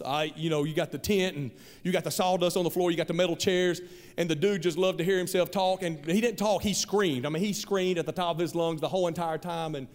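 Male pastor, high-pitched, earnest conversational sermon, long hall reverb. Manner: earnest, conversational, repeats himself. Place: large church hall.

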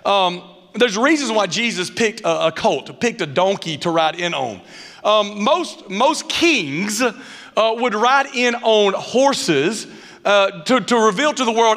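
High-voiced preacher in a reverberant hall. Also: male voice, slow. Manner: animated storyteller, dialect grammar, acts out quotes. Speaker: pastor. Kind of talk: sermon with humorous personal stories. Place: church sanctuary.

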